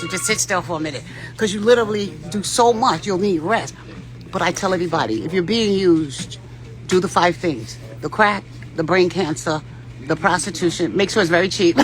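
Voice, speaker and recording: Lively, bright-voiced woman rambling. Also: medium pitch, a little fast, soft background music. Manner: rambling, profane, laughs often. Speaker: vlogger giving spiritual advice. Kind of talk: casual spiritual pep talk.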